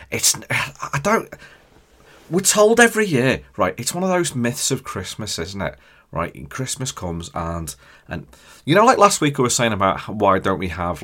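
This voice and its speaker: A man hosting a podcast, hoarse from a chest infection, rambling and ranting jokily in casual chat. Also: low voice, fairly bright tone. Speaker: podcast host.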